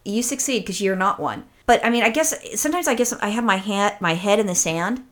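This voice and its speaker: Woman co-host, casual chat, profane and animated storyteller. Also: medium pitch, brisk. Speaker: podcast co-host.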